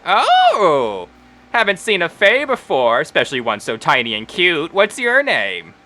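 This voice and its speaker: A man's voice: on the high side, huge pitch swings, a little slow, pushed and bright, pitched above the performer's own voice, heavily acted. A man voicing a flirty, skinny halfling woman who runs a bathhouse, with a sing-song, fawning way of talking in tabletop role-play. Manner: sing-song, fawning, calls people cutie and darling.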